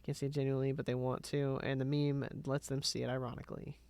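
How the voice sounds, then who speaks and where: A woman's voice: very deep voice, little pitch movement, fast talker, darkish tone, clean tone, dry recording. A woman streamer chatting bluntly and jokingly while reading a game, with faint game music behind. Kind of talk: casual game commentary.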